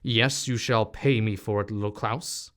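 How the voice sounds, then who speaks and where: A man voicing a mean, greedy peasant who talks in a gruff, threatening way, in a storybook reading. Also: fairly low pitch, steady tone, unhurried, fairly bright tone, pitched below the performer's own voice.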